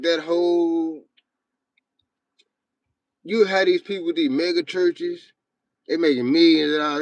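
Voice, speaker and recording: A man's voice: sits high, dry recording. A young man hosting a livestream, talking bluntly and profanely in a rambling, casual way to his chat. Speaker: livestream host.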